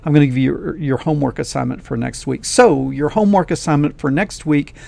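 Man with a gravelly voice, friendly coding teacher addressing viewers directly, casual and upbeat. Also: fairly high pitch, fairly quick, warm tone. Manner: folksy, enthusiastic, talks straight to viewers. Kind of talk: casual screen-recorded lesson.

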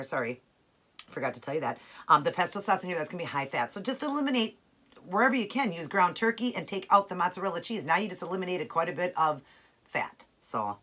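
Chatty woman with a bright, husky voice. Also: lowish voice. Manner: chatty, enthusiastic, tasting food as she talks. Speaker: keto cooking vlogger. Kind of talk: casual cooking chat to camera.

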